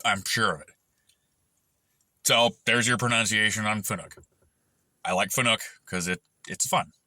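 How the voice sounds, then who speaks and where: A man's voice: lowish voice, a little slow, pushed and bright, no echo. A middle-aged man and machinist vlogger rambling in a crude, profane monologue, swearing constantly and jumping from one tangent to the next.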